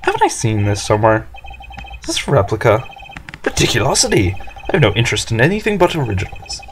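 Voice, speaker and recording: A man's voice: mid-range voice, wildly swooping pitch, fast, music in the background. A man voicing a pompous, arrogant male corporate tycoon who uses grandiose, made-up big words.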